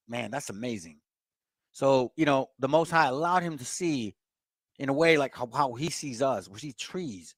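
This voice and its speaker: A man's voice: mid-range voice, lively intonation, normal speed, no room sound. A man casually teaching the Bible, reading verses aloud and explaining them in laid-back street talk to his listeners.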